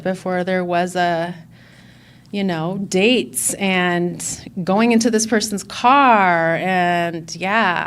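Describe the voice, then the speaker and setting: A woman's voice: lowish voice, slight background noise. Candid woman sharing her recovery story. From Chicago. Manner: candid, reflective, many fillers and restarts. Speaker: conference speaker. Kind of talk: personal recovery share.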